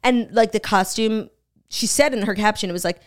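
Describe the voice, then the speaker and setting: A woman co-hosting a podcast at a mid-range pitch. She chats easily and gives firm opinions in a relaxed, conversational flow. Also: moderate pace. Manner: chatty, opinionated. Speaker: podcast co-host. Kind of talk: casual chat.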